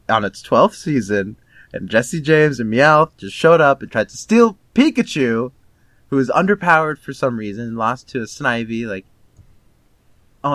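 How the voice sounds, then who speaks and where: A man co-hosting a podcast, talking in an animated way and swearing freely. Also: mid-range voice, no echo. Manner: animated, swears freely, laughs between words. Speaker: podcast co-host. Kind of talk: casual chat.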